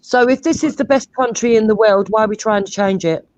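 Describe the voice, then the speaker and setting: A woman's voice: a little high, fairly quick, darkish tone, dry recording, highs cut off. A woman arguing bluntly in a heated online debate, cutting in and pushing back. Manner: combative, interrupting, blunt. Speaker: debate participant.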